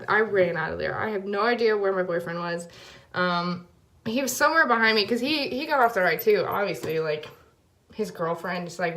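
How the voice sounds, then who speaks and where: A woman's voice: mid-range voice, a bit bright. A young woman recording a casual video diary, her voice sitting in the middle of the usual range. She rambles through the story with constant fillers, acts out each bit of dialogue, and stops for awkward little apologies. The room around her is bare and echoey. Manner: rambling, lots of fillers and quoted back-and-forth, self-conscious asides. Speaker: vlogger.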